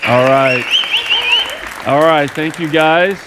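Some chatter sits behind a middle-aged man giving a lighthearted Christmas sermon as pastor, talking straight to the congregation in the church. He speaks slowly in a fairly high, slightly bright voice, with long hall reverb and audience noise around him.

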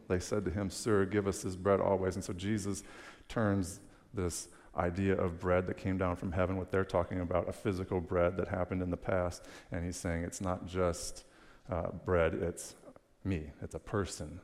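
A young man with a fairly low voice delivers a sermon in a relaxed, conversational manner. He mixes plain talk with a little dry humor and reads scripture aloud. The sound carries the long reverb of a big hall. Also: moderate pace. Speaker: pastor.

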